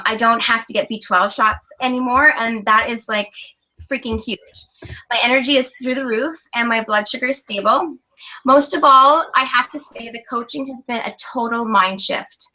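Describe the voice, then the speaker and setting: Bright-voiced woman sharing her story. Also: a little high, rough recording. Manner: earnest, emotional. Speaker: webinar guest coach. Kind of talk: personal testimony.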